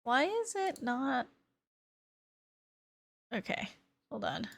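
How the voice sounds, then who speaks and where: Giggly high-voiced woman streamer. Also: very animated, drawn-out words, vocal fry. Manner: giggly, reads character lines in mock-serious voices. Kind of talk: casual game stream, reading dialogue aloud.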